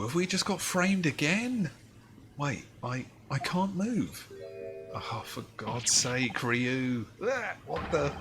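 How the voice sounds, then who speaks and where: A man hosting a casual let's play, reacting excitably and joking while he plays. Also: mid-range voice, background noise. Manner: excitable, jokey, reacts and rambles. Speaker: gaming let's play host. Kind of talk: casual game commentary. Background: game music.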